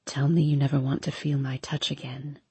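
A woman voicing a brooding drunk young man who pleads in a low, slurred murmur. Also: fairly even intonation, normal speed, vocal fry, dark tone, slightly rough, no echo, heavily acted.

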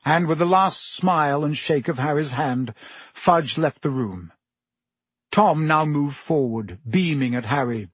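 A man narrating a storybook in a measured, even manner as an audiobook reader. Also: on the high side, breathy edge, dry recording.

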